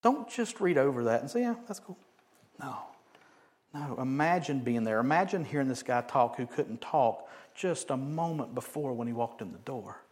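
A man preaching a sermon, animated, swinging from loud emphatic bursts to quiet joking asides. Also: mid-range voice, normal speed. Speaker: pastor.

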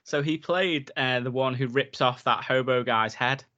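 A man's voice: mid-range voice, moderate pace, pushed and bright, dull audio. A man, casually chatting about films as a podcast co-host, rambling with lots of fillers and reading facts aloud. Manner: laid-back, rambling with many "like"s, reads facts aloud. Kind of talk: casual film chat.

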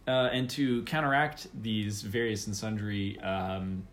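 A man's voice: on the low side, steady tone, measured pace. A man chatting casually as a podcast co-host, telling a rambling story with lots of fillers, laughs and quoted voices. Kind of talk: casual chat.

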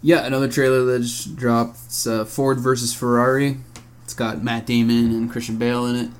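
A man's voice: mid-range voice, level tone, normal speed, clear, resonant tone. A man co-hosting a podcast in casual chat, laid-back, mostly giving short replies and agreeing. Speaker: podcast co-host.

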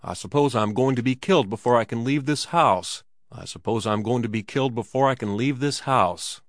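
A man voicing a frightened, agitated Swedish guest who quavers, pleads and shouts, in a story reading. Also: fairly low pitch, animated, normal speed, dry recording, studio quality, close to an everyday voice. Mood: terrified.

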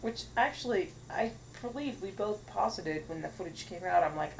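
A woman's voice: medium pitch, lively intonation, moderate pace, gravelly, slight background noise, poor audio. A woman co-hosting a podcast in casual chat, blunt and sarcastic, swearing casually. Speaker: podcast co-host.

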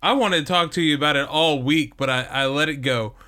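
Male co-host, bright tone, easygoing banter. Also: on the high side, brisk. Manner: joking, laid-back sidekick chiming in. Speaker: podcast co-host. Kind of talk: casual podcast banter.

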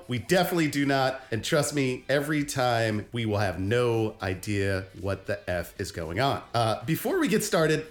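Young male podcast host, playful and jokey, average-pitched voice, casual review chat. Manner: playful, jokey, sometimes sings lines.

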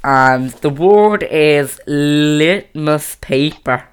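A teenage podcast host chatting casually, rambling with lots of restarts, close on a boom mic. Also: very slow, smooth. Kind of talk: casual chat. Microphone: boom mic on a stand.

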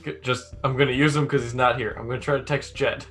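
A man with a bright, sharp-edged voice plays in a tabletop role-playing game. He asks questions hesitantly, often stumbling at the start. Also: mid-range voice, steady tone, quick pace, faint music behind. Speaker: player. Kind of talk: casual tabletop game talk.

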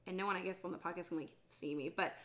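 A woman's voice: fairly low pitch, steady tone, very fast, fairly bright tone. A young woman co-hosting a podcast, telling a dating story in casual chat, acting out quotes and laughing often. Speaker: podcast co-host.

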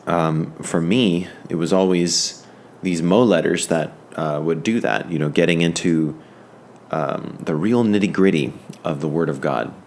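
A man's voice: deep voice, measured pace, a little mellow, a little hiss or hum. A man giving an informal, fervent Bible lesson. He rambles, stopping and restarting with many fillers. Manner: fervent, enthusiastic. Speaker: Bible teacher.

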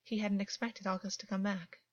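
A woman reading fiction aloud as a narrator, calm and even in her storytelling. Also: medium pitch, fairly quick, no echo. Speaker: audiobook narrator. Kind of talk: scripted narration. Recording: dull, dry, lo-fi.

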